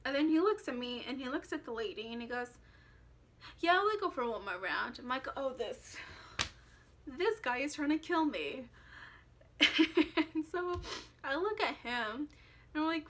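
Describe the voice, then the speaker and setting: Young woman vlogging, chatty story, lots of likes, bright kinda high voice. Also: animated, a little slow, long pauses. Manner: chatty, lots of fillers, quoting herself. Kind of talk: casual storytelling.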